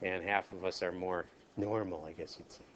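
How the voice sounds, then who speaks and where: Minnesotan math teacher lecturing a class. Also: male voice, low voice, fairly even intonation, normal speed, slight background noise. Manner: asks the class questions, jokes and polls students.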